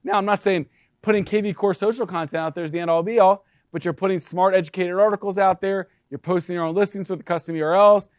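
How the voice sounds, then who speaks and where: Guy pitching agent tools, kinda high voice, lots of "right?", dry close sound. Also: fast talker, no echo. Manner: energetic, talks to the room with frequent "right?". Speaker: brokerage presenter. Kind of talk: sales presentation to agents.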